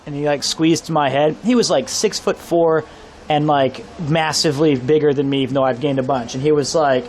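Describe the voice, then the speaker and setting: Excitable streamer man from Kansas. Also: fairly high pitch, brisk, slight background noise. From Kansas, USA. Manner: excitable, swears freely, animated storyteller. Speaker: IRL streamer. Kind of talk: casual live stream storytelling. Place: outdoors on a town street by a pub.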